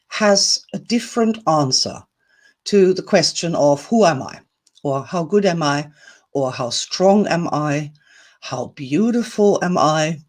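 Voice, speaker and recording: A woman's voice: fairly low pitch, darkish tone. Playful woman teaching a self-help lesson. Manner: chatty, playful, emphatic. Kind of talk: recorded video lesson.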